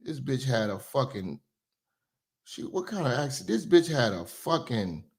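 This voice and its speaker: A man hosting reaction commentary, ranting loudly and profanely, then dropping to a mutter. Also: medium pitch, very animated, a little slow, husky. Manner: loud ranting, swings to muttering. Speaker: commentary host.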